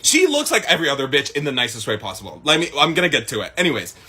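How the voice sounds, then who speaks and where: A young man from the Middle East tells a casual, swear-filled storytime. His husky voice sits high for a man and swings wildly up and down, bright and forceful. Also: racing. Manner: animated, swearing, laughing storyteller.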